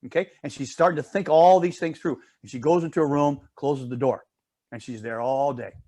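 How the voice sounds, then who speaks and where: A man's voice: a little high, a little fast, mellow. A man leading a Bible study, teaching casually through a story and checking in with listeners often.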